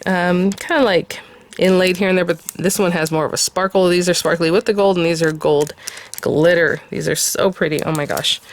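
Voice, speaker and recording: A woman in her thirties hosting a craft channel, casually unboxing a kit in a chatty, gushing way with many fillers. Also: lowish voice.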